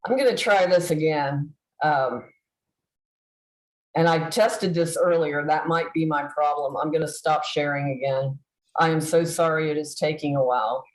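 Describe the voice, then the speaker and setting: A woman giving a heartfelt tribute over a video call, halting with fillers and restarts. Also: sits low, echoey room, rough recording. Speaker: convention presenter.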